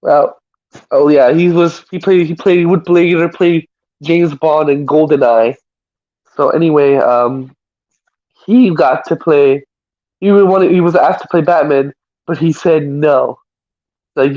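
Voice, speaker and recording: A man's voice: a little high, steady tone, measured pace, darkish tone, muffled recording. A man hosting a live stream, chatting casually about movies in a rambling way, often stammering and restarting.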